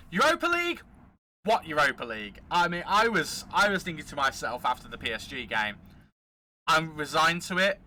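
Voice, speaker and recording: A man hosting a football management game let's play, giving chatty, excitable play-by-play commentary. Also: medium pitch, a little hiss or hum. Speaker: gaming channel host.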